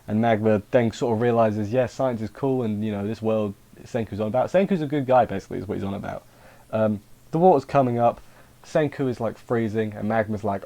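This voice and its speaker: A man's voice: mid-range voice, moderate pace, darkish tone. A man casually recapping an anime episode, rambling and interrupting himself with wry asides. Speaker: anime reviewer.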